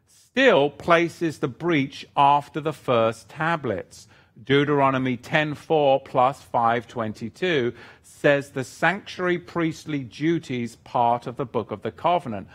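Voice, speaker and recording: A man's voice: medium pitch, a bit bright. A man teaching scripture on a live stream, reading out viewer questions and thinking aloud as he answers, rambling with restarts and getting emphatic on scripture.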